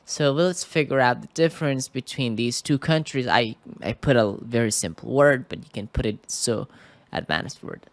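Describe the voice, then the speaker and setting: A man's voice: mid-range voice, moderate pace, creaky, dry recording. A man teaching English in a screen-recorded tutorial, talking hesitantly and often checking in with the listener. He records indoors at a computer microphone. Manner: hesitant, keeps checking in with "okay?".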